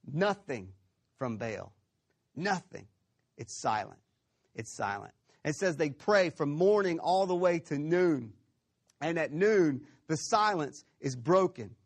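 A man preaching a sermon in a fairly high voice. He tells the story with animated, acted-out quotes and keeps checking in with his listeners. His delivery swings between soft, hushed stretches and punchy, raised bursts. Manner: animated storytelling, acts out quotes, frequent "okay?". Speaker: pastor.

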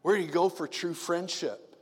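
A man preaching a sermon in a conversational way, moving from loud emphatic questions to soft murmurs. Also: on the high side, moderate pace, breathy edge, in a large hall. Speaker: pastor.

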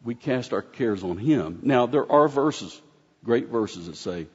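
A man's voice: medium pitch, animated, unhurried, husky. A man preaching a conversational sermon in a folksy, rambling way, often restarting his sentences. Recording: dull sound with long hall reverb.

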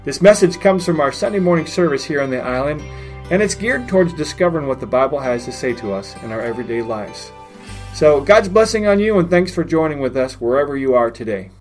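A man's voice: a little high, animated, fairly quick. A male pastor giving a welcoming introduction to a recorded sermon. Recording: faint guitar music behind.

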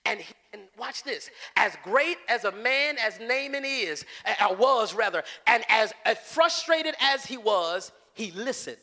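A man preaches a fervent, animated sermon in a very high, bright voice. He drives his points home by repeating phrases. The long reverb of a church follows him. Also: moderate pace.

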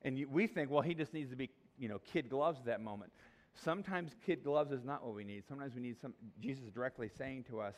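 A man's voice: medium pitch, lively intonation, quick pace. Conversational middle-aged male pastor. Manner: conversational, restarts often, acts out quoted voices. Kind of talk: sermon.

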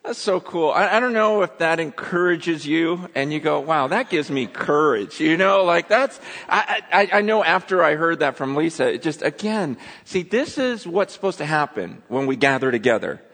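A man preaching a sermon as pastor in a relaxed, storytelling way with self-deprecating humor. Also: on the high side, moderate pace, few pauses. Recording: long hall reverb.

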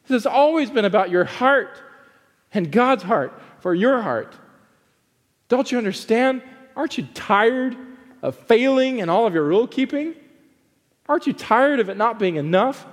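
High-voiced male pastor preaching, big pitch swings, loud then hushed, long hall echo. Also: sing-song, normal speed. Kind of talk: sermon.

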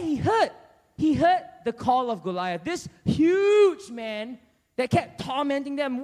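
A man preaching a sermon, telling a Bible story in an animated way and acting out its characters. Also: very high voice. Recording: long church hall reverb.

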